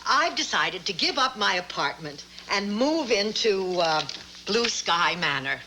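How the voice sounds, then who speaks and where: A woman's voice: mid-range voice, big pitch swings, a little slow, noisy background. An actress playing a dry, wisecracking mother in her seventies in a sitcom. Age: 70s. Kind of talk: sitcom acting.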